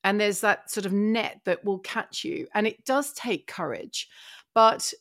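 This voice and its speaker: A middle-aged woman from England, a podcast guest telling her career story in a lively, earnest way with many restarts. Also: medium pitch, a little slow, no echo, studio quality. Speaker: guest, broadcaster and child therapist. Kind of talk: personal storytelling in a podcast conversation.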